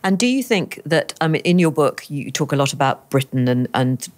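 Scouse woman doing an interview, really low voice, lively up and down, chatty leading questions. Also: normal speed. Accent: Liverpool. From Liverpool. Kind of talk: conversational interview.

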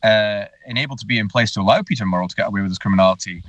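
Low-voiced politician on a distant phone line. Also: male voice, very fast, a bit bright, no room sound. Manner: insistent, argumentative. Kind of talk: radio interview by phone.

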